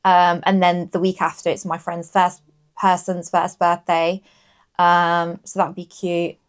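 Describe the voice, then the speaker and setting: A woman's voice: on the low side, flat delivery, unhurried, clear, resonant tone. Chatty young woman podcast host. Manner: chatty, rambling with many fillers. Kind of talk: casual chat.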